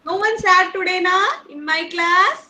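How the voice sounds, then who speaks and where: A woman's voice: very high-pitched, normal speed, sharp tone, slight background noise, poor audio. A young woman with an Indian English accent teaching small children in an online class, playful and coaxing, asking lots of questions and laughing often. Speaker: nursery teacher.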